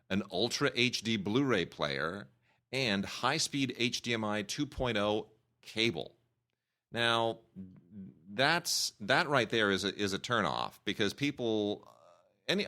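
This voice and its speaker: A man's voice: fairly low pitch, bright, forceful tone. A man who hosts a film podcast, chatting casually about home video releases and repeating words as he thinks aloud. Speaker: film critic podcast host. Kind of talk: casual chat.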